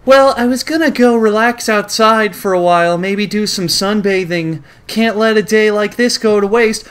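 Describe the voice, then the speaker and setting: A man's voice: high voice, normal speed, fairly bright tone, clean tone, voice pushed up. A man voicing a flirty cartoon mother in a coy, sing-song raised voice. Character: flirty cartoon mom, breezy adult woman.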